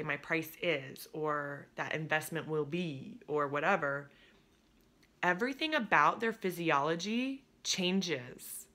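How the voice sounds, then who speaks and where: A woman's voice: on the low side, fairly bright tone. A woman coaching creative business owners in a chatty, upbeat way, laughing easily and now and then dropping to a near whisper. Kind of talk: casual direct-to-camera coaching talk.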